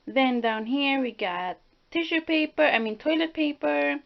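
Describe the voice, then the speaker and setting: A woman's voice: high voice, lively intonation, unhurried, creaky. A woman in her twenties gives a casual tour of her home on video, laughing easily and searching for words. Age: 20s. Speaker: daughter co-hosting vlog. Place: home room. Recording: dull lo-fi home video sound.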